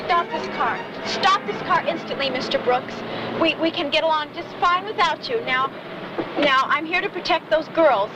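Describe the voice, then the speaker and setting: A woman's voice: high voice, normal speed, very noisy, close to an everyday voice. An actress playing a prim, flustered female teacher chaperone in an old film clip, speaking in an indignant, proper way.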